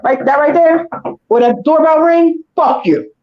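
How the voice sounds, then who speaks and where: Furious high-voiced woman ranting, echoey lo-fi. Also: moderate pace. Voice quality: heated, profane ranting. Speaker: co-host. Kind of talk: casual chat. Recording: echoey dull lo-fi room.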